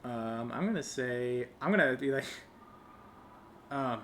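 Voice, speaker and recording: A man plays through a solo tabletop adventure, reading the text aloud and speaking as his character. He sounds hesitant and amused with himself, in a plain mid-pitched voice, over steady background noise. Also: slow pace, pauses often. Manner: hesitant, self-amused, with restarts. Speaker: solo tabletop game player. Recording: noisy home recording.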